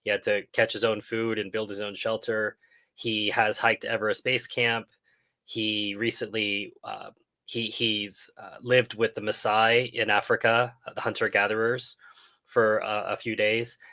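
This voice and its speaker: Middle-aged male host, relaxed live-stream Q&A, bright ringing tone, thoughtful pauses. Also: fairly low pitch. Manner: thoughtful, pauses and restarts while explaining. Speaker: channel host answering viewer questions. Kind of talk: casual live-stream talk.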